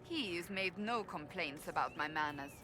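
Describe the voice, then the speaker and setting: A woman's voice: fairly low pitch, animated, measured pace. An actress playing a proud female warrior companion in a fantasy video game, speaking curtly and with self-assurance. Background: game music.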